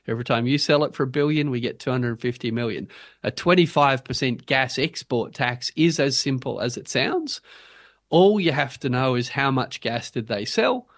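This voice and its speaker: An Australian man making his case in an interview, animated and emphatic, with sharp rhetorical turns. His voice sits at an ordinary pitch for a man. The recording is close and dry, with no room sound. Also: no room sound. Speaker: guest policy advocate. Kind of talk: interview, arguing for a policy.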